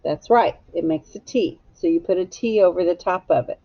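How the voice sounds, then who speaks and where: A woman's voice: on the low side, moderate pace, no room sound, dull audio. A woman teacher giving a phonics lesson to young children, patiently sounding out and spelling each word.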